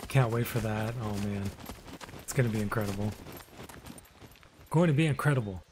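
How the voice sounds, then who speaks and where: A man streaming a video game live, chatting casually with viewers, relaxed and rambling, often trailing off into quiet mumbles. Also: lowish voice, normal speed, background noise.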